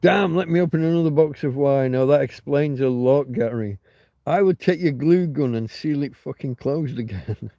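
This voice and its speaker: A man's voice: mid-range voice, a little slow, dark tone, dry recording, dull audio. A man hosting a casual livestream, rambling and swearing freely as he answers chat comments. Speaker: livestream host.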